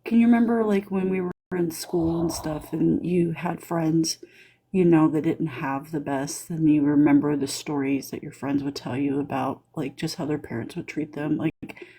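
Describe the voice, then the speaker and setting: Woman co-host, deep gravelly voice, blunt and profane, offhand chat. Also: steady tone, normal speed, mellow, a little hiss or hum, rough recording. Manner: blunt and casual, swears.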